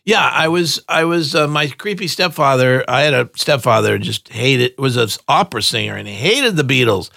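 In a clean studio recording with no echo, an older guest musician on a podcast talks at a moderate pace in a medium-pitched, expressive, creaky voice that is pushed and bright, barely pausing. It's a casual interview chat full of rambling stories, frequent laughter and acted-out quotes.

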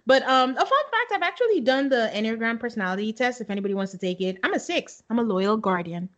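In a relaxed podcast chat, a female co-host talks fast through a show recap, laughing a lot and quoting people along the way. Her voice is a little high and a bit bright, with lively intonation.

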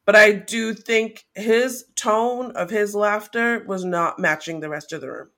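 A woman's voice: mid-range voice, measured pace, a bit bright. A woman co-hosting a podcast, talking things through in a casual, analytical way with some hesitant fillers. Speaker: podcast co-host. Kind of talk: casual recap chat.

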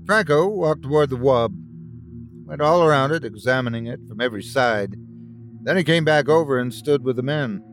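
A man narrating a scripted story in an expressive, dramatic way. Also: medium pitch, normal speed, faint music behind. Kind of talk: scripted horror story reading.

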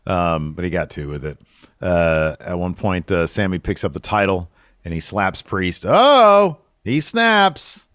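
A man co-hosting a casual recap podcast, talking in an animated way that jumps up when he gets excited. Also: sits low, moderate pace, dry recording, clean studio sound. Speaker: podcast co-host.

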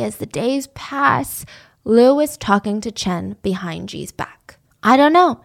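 A woman's voice: high voice, vocal fry. A young woman telling a true-crime story in a casual, chatty way, full of "like". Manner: chatty, lots of "like".

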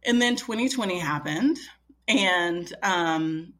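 A woman's voice: on the low side, expressive, slow pace, fairly bright tone. A woman in her thirties, a podcast guest telling a personal story in a chatty way, full of fillers and quoting herself. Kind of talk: casual storytelling.

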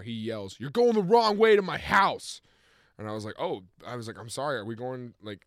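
A man's voice: on the low side, no echo, clean studio sound. A young man co-hosting a podcast, telling a long story in a casual way and laughing often as he goes. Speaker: podcast co-host.

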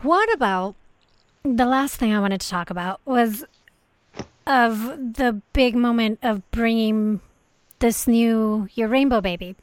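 A woman's voice: on the high side, slow pace, no echo. A woman hosting a podcast, asking questions thoughtfully and respectfully, sometimes hesitating. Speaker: podcast host. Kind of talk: podcast interview conversation.

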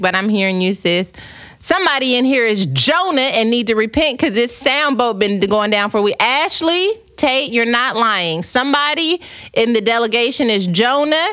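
A woman's voice: fairly high pitch, a bit bright, dry recording, studio quality. A woman from the United States hosting a live podcast, chatting playfully with viewers, reading their comments, and turning reflective and faith-minded. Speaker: podcast host. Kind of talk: casual livestream chat with viewers. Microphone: streaming camera setup.

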